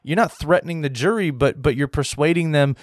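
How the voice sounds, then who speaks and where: An American man giving a heated opinion monologue to his viewers, restarting sentences, clearing his throat often and tagging his points with "right?". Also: on the high side, a little fast, dry recording, studio quality. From United States. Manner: heated, repetitive, frequent "right?" tags and restarts. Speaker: political commentary host.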